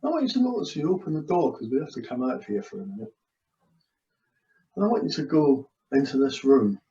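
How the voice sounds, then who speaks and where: A man's voice: medium pitch, animated, fairly quick, dark tone. A man working as a hypnotist, leading a guided session with soothing, repetitive suggestions over a video call. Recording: dull lo-fi video call audio.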